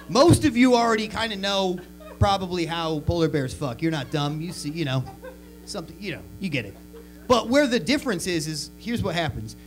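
A man doing crude, animated stand-up comedy on a club stage, acting out bits as he goes. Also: high-pitched. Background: audience laughter.

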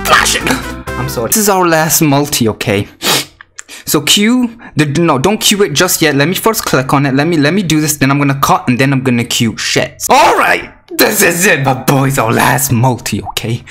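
A man doing gacha summon commentary for a video, excitable, swinging from mock gloom to shrieks, his voice cracking. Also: a little high, normal speed, faint music behind. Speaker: gaming YouTuber.

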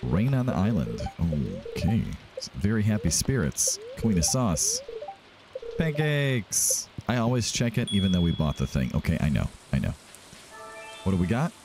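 A man's voice: sits low, big pitch swings, normal speed. A man hosting a let's play, chatting casually and thinking aloud as he plays. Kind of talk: casual gameplay commentary. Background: game music.

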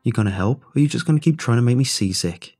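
A man's voice: medium pitch, expressive, fast, darkish tone, breathy edge, soft background music. A man voicing a chirpy, mocking young man trapped inside a beer can, who taunts and bosses the listener with sarcasm. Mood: bossy. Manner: taunting and bossy, snapping sarcastically.

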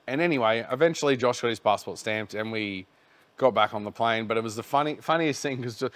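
A man's voice: medium pitch, fairly quick. An Australian man hosting a podcast, telling a rambling, laid-back story in casual chat and swearing freely. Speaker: podcast host.

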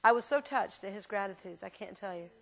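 A woman minister teaching a class in a church, talking casually and telling lively anecdotes with frequent restarts. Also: mid-range voice, fairly quick, creaky. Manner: chatty, animated storyteller with frequent restarts.

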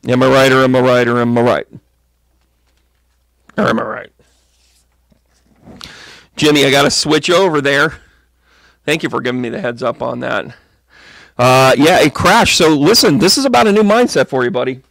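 A man's voice: normal speed, gravelly, pauses often, a bit bright, dry recording. A man giving a casual, joking tarot reading to viewers on a livestream, chatty and playful. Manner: jokey, chatty, slips into silly high voices.

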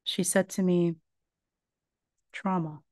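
A woman's voice: mid-range voice, fairly even intonation, moderate pace, darkish tone, no room sound. A woman giving a religious lecture, earnestly retelling a survivor's story in her own words.

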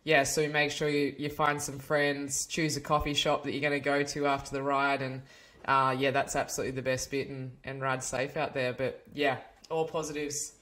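A woman's voice: extremely low pitch, little pitch movement, normal speed, a bit bright. A woman co-hosting a podcast in an upbeat, casual manner. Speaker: podcast co-host.

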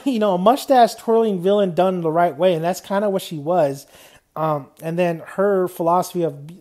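A man's voice: high-pitched, darkish tone. Rambling male anime reviewer. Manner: rambling, loose, with frequent "man" and "you know". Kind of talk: casual unscripted review.

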